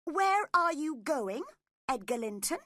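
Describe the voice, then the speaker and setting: A spoiled, hot-tempered young woman, as a woman narrator puts her on, snapping in a high, cross voice. The tone is bright and pointed, swinging widely up and down. A storybook read at an unhurried pace. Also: very animated, no echo, studio quality, heavily acted. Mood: furious. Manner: cross and shrill.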